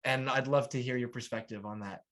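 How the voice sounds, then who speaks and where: A man's voice: mid-range voice, fairly even intonation, fairly quick, a bit bright. A man hosting a podcast interview, earnest and encouraging as he reflects and asks questions. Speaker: podcast host.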